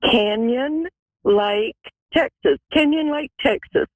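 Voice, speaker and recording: A woman's voice: on the high side, slow, dry recording, poor audio. Polite woman caller in her seventies. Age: 70s.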